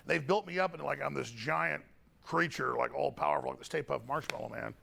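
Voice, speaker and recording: A man's voice: a little high, fast, gravelly, bright, forceful tone, slight background noise. A man answering interview questions in a defensive, rambling way and often repeating his words. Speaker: interview guest. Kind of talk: recorded interview.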